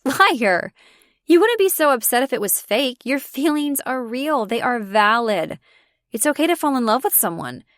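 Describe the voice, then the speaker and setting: A woman's voice: high-pitched, sing-song, moderate pace, a bit bright, dry recording, studio quality, voice pushed up. A woman voicing a blunt, snappy best friend. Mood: firm. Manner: snappy and insistent.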